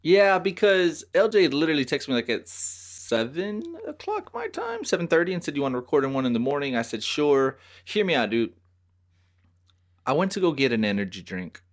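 Man, podcast host, casual chat, lively pitch, animated storyteller. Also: moderate pace. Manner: animated storyteller, swears, acts out voices.

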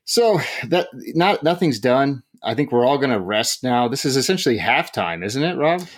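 A man's voice: mid-range voice, sing-song, normal speed. A man co-hosting a podcast in casual chat, joking and chuckling as he talks. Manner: chatty, laughing often, self-deprecating jokes. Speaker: podcast co-host.

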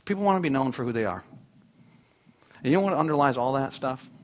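A man in his thirties, a pastor preaching a conversational sermon with animated storytelling in a church. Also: mid-range voice, fast, slight background noise.

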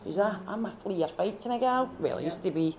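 A Scottish woman speaks to a retreat gathering, telling her own faith story. Her delivery is heartfelt and halting, full of restarts and self-corrections. Her voice sits at an ordinary middle pitch, with a faint hum of noise behind her. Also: lively intonation, a little mellow. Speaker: retreat participant sharing testimony. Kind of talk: personal faith testimony.

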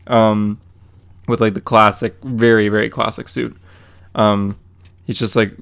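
A man with a fairly low voice recaps a comic book issue in a loose, casual chat. He rambles along with plenty of ums and likes, acting out the characters' lines as he goes. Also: little pitch movement, unhurried, creaky, long pauses, fairly bright tone. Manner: rambling, lots of fillers and quoted dialogue. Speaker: podcast co-host.

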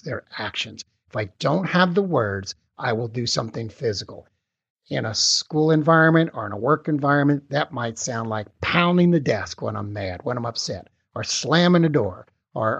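Middle-aged male presenter, raspy voice, chatty lecturing style, dry muffled recording. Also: mid-range voice, no room sound. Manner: conversational, checks in with "okay?" often. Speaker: webinar presenter. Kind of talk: live webinar lecture. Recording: muffled, lo-fi webinar audio.

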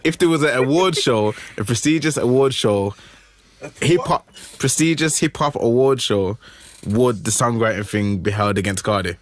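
A man's voice: medium pitch, normal speed, a little hiss or hum. A young man, arguing his point and interjecting often in casual chat. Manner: argumentative, interjecting.

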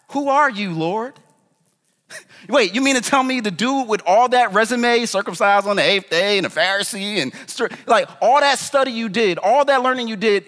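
A man's voice: high voice, pushed and bright, in a large hall. A man preaching a sermon as pastor in a casual, slangy, conversational way, in a church. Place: church in New York.

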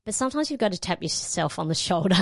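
A middle-aged woman spins a lively story as a guest, jumping into voices for the people she quotes. Her voice sits a little low for a woman and sounds dry and close, with no room around it. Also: quick pace, gravelly, no room sound. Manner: animated storyteller acting out quotes. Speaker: guest, radio presenter. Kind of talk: storytelling in a panel conversation.

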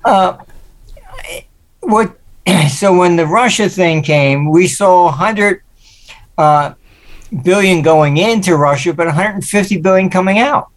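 A man's voice: high voice, slow pace, pauses often. Older man, interview guest, anecdotal, voices the people he quotes. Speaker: guest, market forecaster. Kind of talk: interview storytelling.

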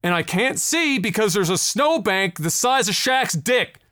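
A foul-mouthed man holds forth on a casual podcast. His voice sits high and climbs higher as he gets worked up. The close mic leaves the sound dry, with no room around it. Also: animated, unhurried, no echo. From Nova Scotia, Canada. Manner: profane, ranting, loud when worked up. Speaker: podcast co-host.

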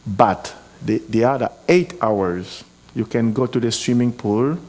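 A man with a foreign accent preaching a sermon, earnest and exhorting, often pausing with hesitations and restarting his words. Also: mid-range voice, darkish tone. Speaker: guest preacher.

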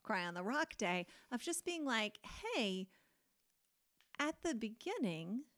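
A woman's voice: fairly high pitch, very animated, slow pace, a bit bright. Earnest woman pastor chatting candidly. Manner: earnest, candid, many fillers like "like" and "you know". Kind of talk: casual podcast conversation.

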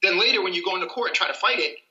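A man's voice: high voice, very fast, sharp tone, echoey room, dull audio. A man, a civil rights attorney, explaining people's rights as a guest on a podcast. He talks earnestly and acts out little scenes as he goes.

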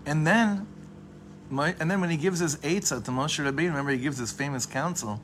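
A man giving an informal Torah class to a live group, talking in a discursive way, often breaking off and restarting his sentences, and slowing down to repeat key phrases. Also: fairly high pitch, a little hiss or hum. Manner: leans on a phrase by repeating it slowly. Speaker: Torah teacher.

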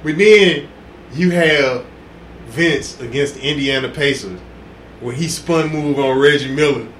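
A man on a podcast, telling excited sports stories in casual chat, acting out quotes and laughing loudly. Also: on the high side, measured pace. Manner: excitable storytelling, loud laughs and acted quotes. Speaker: podcast co-host. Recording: echoey room with faint hiss.

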